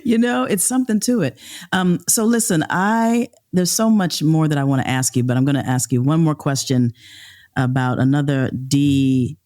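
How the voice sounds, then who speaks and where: A woman's voice: low-pitched, moderate pace, dark tone. A woman hosting an interview podcast, affirming her guest with frequent agreement and easy laughter as she asks her questions. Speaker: podcast host. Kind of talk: conversational interview.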